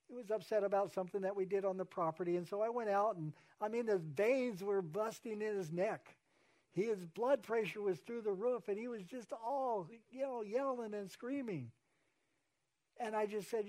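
A man's voice: high voice, moderate pace, darkish tone. A man, a pastor, preaching an earnest sermon and repeating key phrases for emphasis.

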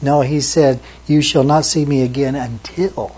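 A man preaching an evening sermon in a mellow, slightly husky voice. He talks earnestly and drops soft and low whenever he repeats a name from scripture. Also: fairly even intonation, unhurried, low-quality recording. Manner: earnest, repeats names softly for emphasis. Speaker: pastor.

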